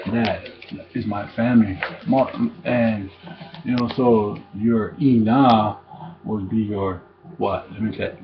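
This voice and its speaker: A man giving a casual language lesson, halting and repeating each word slowly for learners. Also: lowish voice. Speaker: language teacher. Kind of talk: informal recorded language lesson. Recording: dull lo-fi recording, faint noise.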